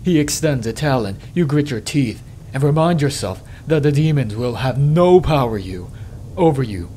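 A man hosting a let's play, reading game text aloud in a measured, dramatic way and adding his own commentary. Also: lively intonation, dark tone, slight background noise. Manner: measured dramatic reading, dropping low and slow on ominous lines.

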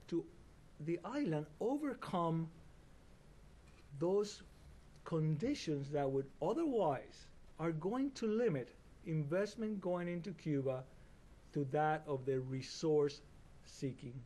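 A man giving formal conference panel remarks, deliberate and slowing on key phrases. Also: a little high, mellow.

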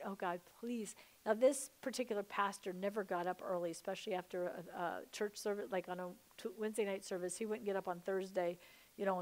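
Chatty woman telling her testimony. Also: mid-range voice. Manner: animated, chatty storyteller addressing viewers as y'all. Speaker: ministry founder giving testimony. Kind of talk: personal testimony storytelling.

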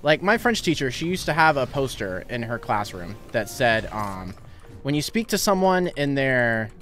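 A young man streaming a game, chatting casually, laughing often and quickly thanking viewers. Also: mid-range voice, sing-song, a bit bright, soft background music. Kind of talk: casual gaming livestream chat.

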